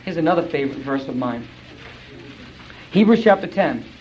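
A man's voice: fairly high pitch, normal speed, slight background noise. Emphatic male pastor on a dull recording. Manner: emphatic and animated, with rhetorical questions and acted-out voices. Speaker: pastor teaching a Bible class. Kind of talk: sermon-style Bible teaching.

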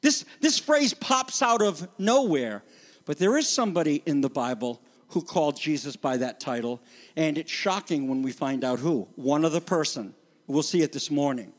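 A man preaching a sermon as pastor, animated and conversational, acting out the voices he quotes. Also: a little high, normal speed, big-room sound.

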